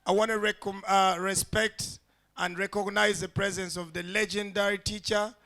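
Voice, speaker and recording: A man doing stand-up comedy with a high, bright voice. He tells his story with animation and slips into character voices for the people in it, speaking into a stage mic. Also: little pitch movement, normal speed.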